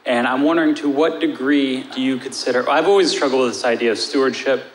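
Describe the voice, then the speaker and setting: A man's voice: medium pitch, fast. Earnest male audience member, rambling question, roomy hall, light hiss. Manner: earnest, long-winded question. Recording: echoey hall with faint noise.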